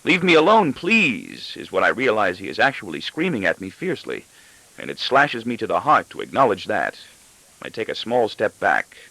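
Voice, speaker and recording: A man narrating a novel aloud in the first person, with an expressive, brooding delivery. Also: fairly low pitch, brisk, no room sound, rough recording. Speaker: audiobook narrator.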